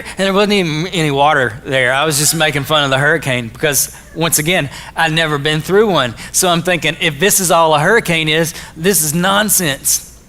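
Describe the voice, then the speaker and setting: A man from Arkansas, giving a jokey, animated storytelling talk to a school audience. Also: on the high side, a little fast. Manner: animated, jokey, acts out his own quotes. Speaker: motivational speaker.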